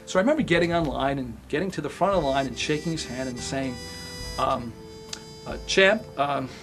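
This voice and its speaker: An older man, an actor and acting teacher, tells animated stories in a monologue and turns quiet and reflective at times. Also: medium pitch, a little fast, music in the background. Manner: animated storyteller who acts out scenes, turning quiet and reflective. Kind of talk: storytelling monologue for an actor's slate.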